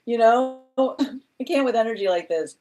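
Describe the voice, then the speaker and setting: Her voice is a little high, expressive, and a little mellow, at a normal speed. She's a tarot reader doing a live session, wandering through frequent restarts and exasperated asides while often laughing mockingly.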